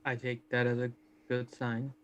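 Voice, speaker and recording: A man's voice: medium pitch, monotone, moderate pace, slight background noise. A man playing a tabletop game, answering in a dry, hesitant way. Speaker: player. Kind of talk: casual tabletop role-play. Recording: dull lo-fi mic.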